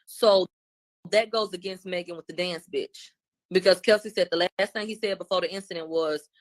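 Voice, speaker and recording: A woman's voice: fairly low pitch, moderate pace. Woman casually recapping court testimony. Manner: animated retelling in loose slangy speech.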